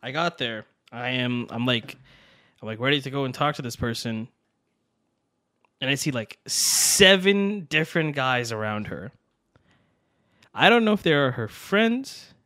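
A man's voice: medium pitch, unhurried, pauses often, dry recording. Young man telling a story, dry close mic. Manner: animated, acts out quotes with swearing and laughs. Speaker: podcast co-host. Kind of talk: casual storytelling chat.

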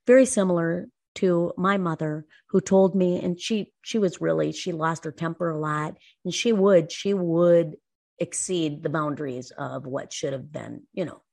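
A woman co-hosting a talk show, telling a personal story in an earnest, lively way. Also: low-pitched, measured pace, gravelly. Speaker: co-host. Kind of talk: casual podcast talk.

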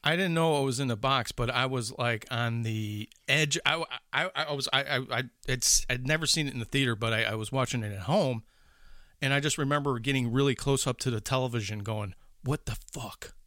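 A man's voice: mid-range voice, brisk, sharp tone, no room sound, clean studio sound. A man chatting casually about movies, rambling with many restarts and swearing. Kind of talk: casual chat about films.

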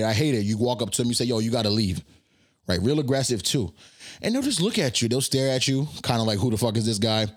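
Young man, podcast host, casual storytelling, animated, mid-pitched voice. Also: husky. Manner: animated, acts out his own commands.

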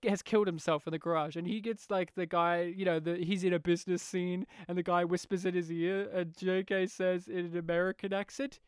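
A woman's voice: on the low side, flat delivery, fairly quick, few pauses, clear, resonant tone, no echo, studio quality. A woman co-hosting a casual film discussion, laughing often and acting out the scenes she retells. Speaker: podcast co-host.

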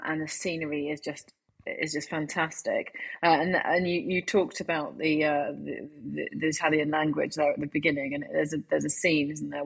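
A woman's voice: deep voice, creaky, husky. A woman co-presenting a casual TV review, talking enthusiastically with frequent restarts. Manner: hesitant, many restarts, warm enthusiasm.

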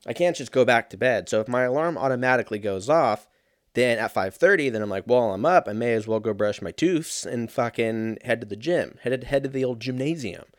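A man in his thirties rambles casually through a monologue, cursing often and making fun of himself as he wanders from point to point. His medium-pitched voice is animated and fairly quick, recorded cleanly in a studio with no room sound.

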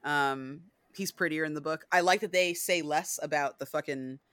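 A woman hosting a podcast in casual chat, animated, with many fillers, acting out scenes as she talks. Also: low-pitched, moderate pace, no room sound, clean studio sound. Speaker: podcast host.

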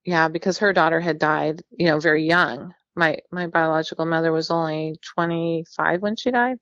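A woman's voice: low voice, steady tone, normal speed, a bit bright, no echo. A woman in her fifties from central California, telling her own story as a guest in a chatty, candid way with a self-deprecating sense of humor. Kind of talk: personal storytelling interview. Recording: dull lo-fi sound.

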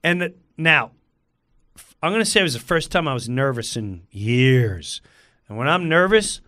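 A man telling a comic story in a lively way, acting out the people in it and swearing freely. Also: mid-range voice, normal speed. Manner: lively, acts out every character, swears freely. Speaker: comedian guest.

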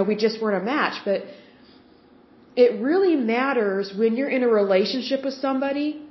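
A woman hosting a faith podcast, talking earnestly and conversationally with frequent restarts. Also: medium pitch. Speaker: podcast host. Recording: roomy, slightly dull home recording.

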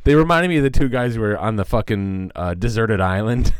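Animated, profane man telling a story. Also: fairly low pitch, brisk, clear, resonant tone, no echo, studio quality. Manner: profane, animated, acts out quoted people. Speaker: podcast co-host. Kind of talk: casual comedic storytelling.

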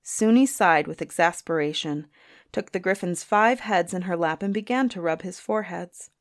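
Woman storyteller, expressive storybook reading, lowish voice, dry. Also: normal speed, no room sound.

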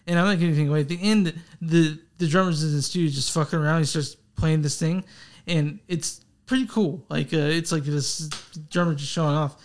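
A man's voice: a little high, steady tone, brisk. A young man co-hosting a casual music podcast, rambling, swearing and apologizing for himself. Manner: rambling, swearing, self-deprecating. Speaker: podcast co-host. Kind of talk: casual chat.

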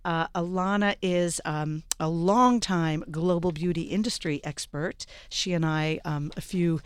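A woman's voice: lowish voice, steady tone, measured pace, smooth, no room sound. A middle-aged woman hosting a radio talk show, introducing guests in a chatty way full of ums and uhs. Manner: warm, chatty introductions with many fillers.

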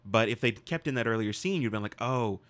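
A man's voice: mid-range voice, lively intonation, a little fast, a bit bright. A man in casual chat, rambling through explanations of a film he is showing his co-host. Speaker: podcast co-host.

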